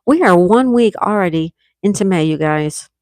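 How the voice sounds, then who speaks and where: A woman's voice: fairly low pitch, lively intonation, moderate pace, darkish tone, no echo. Woman in her 60s from New York State, livestream host, chatty, reads comments aloud, dry close sound. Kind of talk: casual live chat reading comments.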